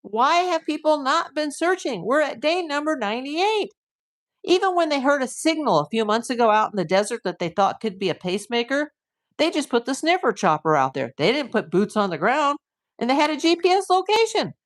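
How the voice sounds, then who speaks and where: A woman's voice: high-pitched, big pitch swings, a little fast. Emphatic, indignant woman streamer. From USA. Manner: emphatic, indignant rhetorical questions. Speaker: live stream host, private investigator. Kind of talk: live stream commentary.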